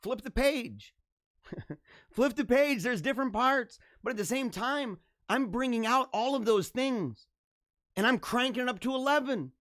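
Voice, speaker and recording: A man's voice: very high-pitched, lively intonation, unhurried, fairly bright tone, dry recording, studio quality. A man hosting a livestream, talking to his viewers in an emphatic, preachy, repetitive way. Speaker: livestream host. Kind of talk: preachy motivational livestream talk. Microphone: camera mic.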